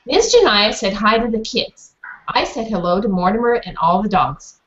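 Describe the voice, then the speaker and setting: A woman narrating a children's storybook with expressive, animated reading. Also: medium pitch, moderate pace, dull audio.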